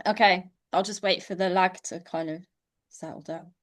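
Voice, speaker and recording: A woman's voice: on the low side, steady tone, normal speed. Woman host on a video call. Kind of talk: casual interview chat.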